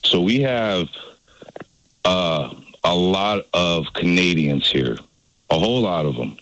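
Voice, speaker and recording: A man calling in to a radio show, blunt and opinionated with a deadpan delivery. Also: deep voice, slow, highs cut off. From United States. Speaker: caller.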